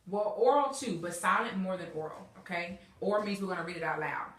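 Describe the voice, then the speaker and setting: Bright, expressive and brisk, a fairly low-pitched woman teaches young readers, cheering them on and frequently checking "okay?" and "all right?" The recording comes from a far-off mic in a roomy classroom.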